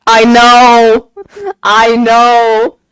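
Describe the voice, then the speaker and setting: Woman streamer, casual stream chatter, gushing and repetitive, voice sits a bit high. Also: very slow, clean tone, poor audio. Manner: excited gushing fan talk, frequent laughs and repeated phrases. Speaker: game streamer. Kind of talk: casual chat on a live stream.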